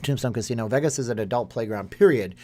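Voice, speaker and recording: A man's voice: mid-range voice, quick pace, warm tone, slight background noise. A man, hosting a casual live stream and reading chat comments aloud in a rambling way. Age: 30s.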